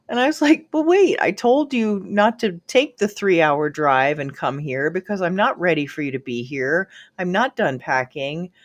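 A woman's voice: deep voice, no echo, clean studio sound. A middle-aged woman hosting an advice podcast, telling a personal story and acting out what people said. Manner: animated, acts out quoted voices. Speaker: podcast host.

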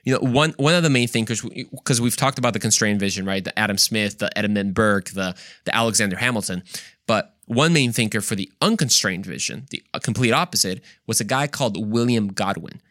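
A man's voice: lowish voice, a little fast, a bit bright, dry recording, clean studio sound. A man hosting a podcast, explaining ideas in a casual teaching talk and often checking in with his listeners. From United States. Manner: conversational, explains step by step, often checks in with "right?". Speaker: podcast host.

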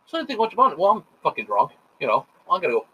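A middle-aged man telling rambling, profane stories in a casual chat, animated and full of quoted voices. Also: on the high side, very fast, slightly rough. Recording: dull lo-fi sound.

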